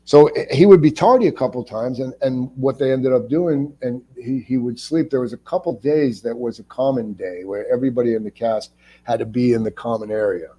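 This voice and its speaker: A man from Cleveland, an actor guest, telling profane, animated anecdotes in a casual interview. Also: medium pitch, brisk, husky, low-quality recording. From Cleveland, USA.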